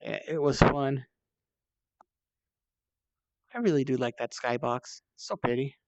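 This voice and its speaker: A man's voice: mid-range voice, slow pace, very noisy. A man rambling casually while he plays in VR, chatty and self-deprecating, tired and thirsty from the climb, talking into a headset mic. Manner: chatty and self-deprecating, swears when strained. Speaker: VR streamer. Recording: dull, slightly lo-fi dry mic sound.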